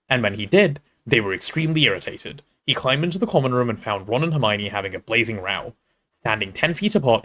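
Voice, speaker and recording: Brief: male streamer, chatty and animated, swears casually, pitch swinging all over. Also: fast. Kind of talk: reading a novel aloud and chatting on stream.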